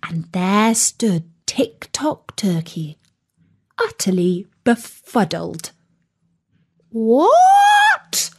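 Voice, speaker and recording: Slow, expressive woman storyteller. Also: mid-range voice. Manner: slow, clear, expressive reading. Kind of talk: storybook narration for learners.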